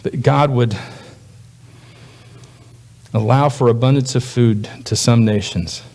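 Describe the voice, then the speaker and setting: A man preaching a sermon as a pastor, talking in a loose, conversational way and putting on quick voices for the people he quotes. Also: vocal fry, a little mellow. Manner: conversational, voices quoted speakers with jumps in pitch.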